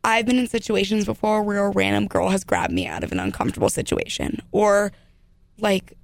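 A woman's voice: mid-range voice, animated, brisk, gravelly, no echo. A young woman in her twenties hosting a casual podcast, rambling with many fillers and restarts. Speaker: podcast host.

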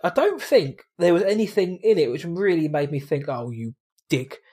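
Male co-host, casual film chat, voice a touch high, mimics lines. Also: big pitch swings, brisk, dark tone, slightly rough. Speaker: podcast co-host.

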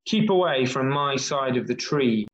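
A cheeky, bossy little boy from a storybook, read out by a man. He makes his demands slowly and with heavy emphasis. The sound is dull and lo-fi, as on a video call. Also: mid-range voice, lively intonation, lightly acted. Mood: demanding. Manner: slow, emphatic read-aloud.

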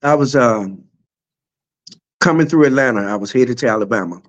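A man's voice: medium pitch, moderate pace, highs cut off. A man hosting a podcast, talking in a preacherly way about spirituality and stories of his own, building emphasis with repeated phrases. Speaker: podcast host. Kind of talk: casual spiritual chat.

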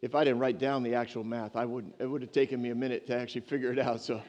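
A man preaching a sermon in a lively, conversational way, with playful asides and humor. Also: medium pitch, very fast, dull audio. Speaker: pastor.

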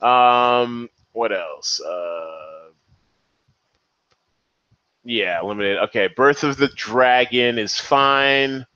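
A man hosting a podcast, giving casual, excitable commentary on his listeners' picks. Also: medium pitch, very slow, pauses often, clean tone, no room sound. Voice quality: excitable, animated. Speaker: podcast host. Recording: dull, slightly lo-fi, dry.

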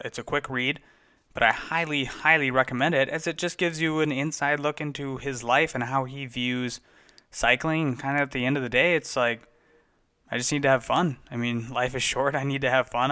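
A man's voice: mid-range voice, bright, forceful tone, smooth. A man casually recapping bike races as a podcast host, chatty and enthusiastic, sometimes correcting himself. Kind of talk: casual race recap commentary.

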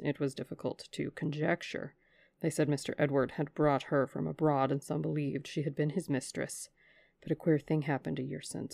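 A woman's voice: low voice, vocal fry, mellow, no echo, studio quality. A woman voicing a respectful middle-aged man, a former butler who tells a story in a confiding, deferential way.

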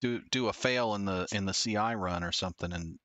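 A man's voice: fairly low pitch, a little fast, fairly bright tone, dry recording. A man co-hosting a podcast, musing thoughtfully about testing and asking follow-up questions. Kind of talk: casual technical chat.

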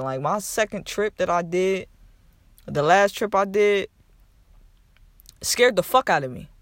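Young man, podcast host, high voice, dry close sound, repeats himself for emphasis, swears casually. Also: a bit bright, no echo. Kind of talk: casual motivational talk, live stream.

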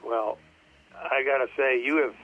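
Man, casual halting chat, mid-pitched voice, tinny phone line. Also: fairly even intonation, faint music behind. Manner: rambling, halting, searching for words. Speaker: guest on a commentary track.

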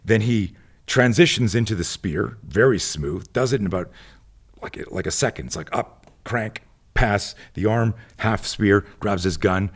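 A man's voice: on the low side, a little slow. A man who works as a tactical instructor, telling a rambling story in casual conversation and acting out the people in it. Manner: rambling, goes off on tangents; acts out the people in his stories.

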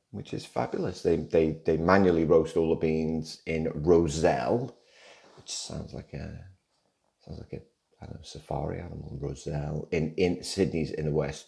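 Male podcast host, very deep and gravelly, chatty solo monologue, rambling with jokes. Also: dark tone. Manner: chatty and rambling, with joking asides. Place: home in Australia.

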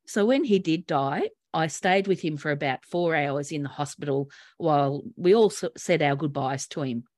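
A woman co-hosting a podcast, telling personal stories in an earnest, animated way. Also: low voice, no room sound, clean studio sound. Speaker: podcast co-host. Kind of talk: casual chat.

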